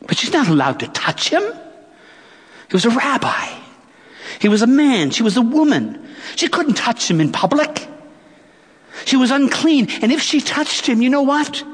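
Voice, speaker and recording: A middle-aged male pastor preaching a sermon, with dramatic pauses and rhetorical questions. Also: very high-pitched, sing-song, husky. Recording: long church reverb.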